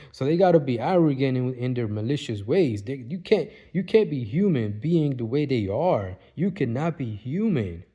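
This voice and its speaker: Dark-voiced man rambling in a monologue. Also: on the high side. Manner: rambling, repetitive, keeps asking "you see what I mean". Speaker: vlogger.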